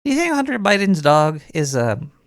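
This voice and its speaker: A man's voice: on the high side, wildly swooping pitch, normal speed, no room sound, clean studio sound. A man playing a paranoid male cartoon rat who hosts a call-in radio show, rambling with lots of restarts.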